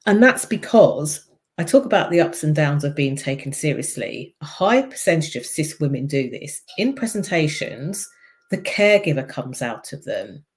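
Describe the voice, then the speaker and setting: A woman with a low, deep voice and a slight frog in her throat, chatting on a live stream as a speaking coach and explaining things step by step. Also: big pitch swings, normal speed. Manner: chatty and explanatory, demonstrates voice tones. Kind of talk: casual live-stream talk to camera.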